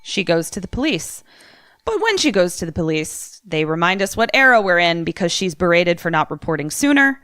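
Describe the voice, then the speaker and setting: A woman co-hosting a comedy podcast, recapping a horror film in a chatty, animated storytelling way. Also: on the low side, brisk, no room sound, clean studio sound. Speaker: podcast co-host.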